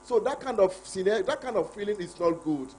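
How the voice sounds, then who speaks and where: A man's voice: sits high, expressive, fast talker, a little mellow. A man speaking as a guest on a live ministry program, sharing a story earnestly in plain conversational teaching.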